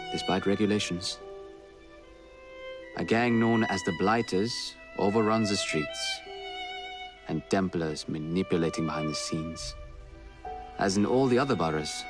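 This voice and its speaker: A grave male game hero in a cutscene, speaking with a very low, steady voice. He is determined and rallying. Violin music plays clearly underneath. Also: a little slow, long pauses.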